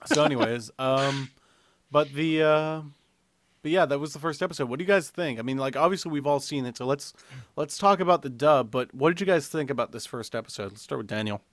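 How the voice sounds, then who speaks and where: A man's voice: medium pitch, brisk, slight background noise. A man hosting a casual anime review podcast, chatty, with frequent restarts and laughs. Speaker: podcast host.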